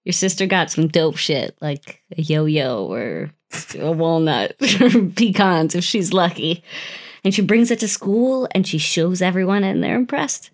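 Podcast host, young adult woman, lowish voice, playful, dramatic storyteller. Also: lively intonation, a little slow. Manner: playful, swearing, dramatic second-person storytelling with laughs.

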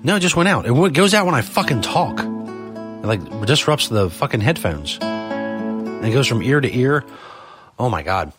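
A man's voice: medium pitch, big pitch swings, moderate pace, music in the background. A man hosting a live studio show, talking casually in a profane, exasperated ranting manner. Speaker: podcast host.

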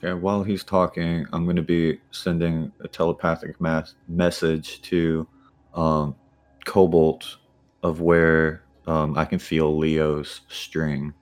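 Deep-voiced man playing a tabletop game. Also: flat delivery, takes it slowly. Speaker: player.

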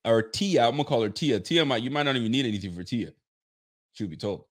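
A man hosting a relaxed sports talk show, his speech full of slang, laughter and teasing asides to his audience. His voice is lively and swings widely in pitch, sitting at an ordinary middle register for a man. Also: fast. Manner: joking, laughing, slangy and animated; talks to a live chat and audience. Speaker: podcast host. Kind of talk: casual sports chat.

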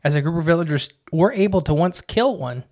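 A man's voice: a little high, lively intonation, a little fast, a little mellow. A man co-hosting a casual podcast, talking in a chatty, rambling way with lots of "uh" and "like". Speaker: podcast co-host.

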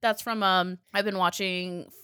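Young woman, bright tone, smooth voice, frank casual chat. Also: lowish voice, unhurried, dry recording, clean studio sound. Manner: relaxed, frank, swears casually.

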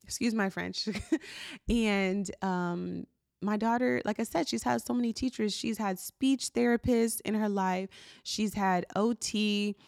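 A woman hosts her own podcast, talking casually and from the heart. Her speech is loose and chatty, full of "like" and "you know". Her voice sits at a middle pitch and sounds dry, with no room echo. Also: steady tone, measured pace, gravelly, darkish tone, clean tone. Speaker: podcast host. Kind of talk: casual solo podcast talk.

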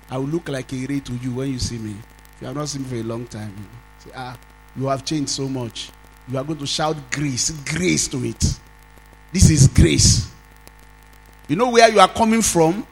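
A man's voice: medium pitch, normal speed, faint music behind, low-quality recording. A Nigerian man preaching a sermon as pastor, leading call-and-response and drawing out sung phrases.

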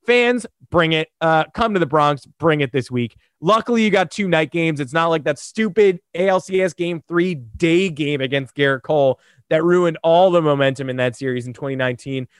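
A man co-hosting a sports podcast, hoarse and animated, talking in a sarcastic, rambling way. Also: a little high, moderate pace, no echo, studio quality. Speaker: podcast co-host. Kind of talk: casual sports podcast chat.

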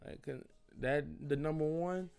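A man's voice: on the high side, measured pace, a little mellow, smooth. A young man hosting a solo podcast, talking casually in an earnest, rambling way, full of slang and repeated phrases. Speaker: podcast host.

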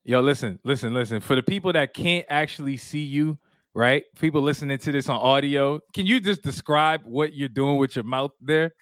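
A man's voice: medium pitch, moderate pace, dry recording, clean studio sound. A man co-hosting a podcast in casual, joking chat, often restarting his words. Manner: animated, joking, stammering restarts. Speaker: podcast co-host.

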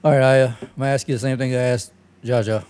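A man's voice: mid-range voice, fairly even intonation, fast, darkish tone, clean tone. A man hosting a casual chat, telling stories with heavy profanity and frequent laughter.

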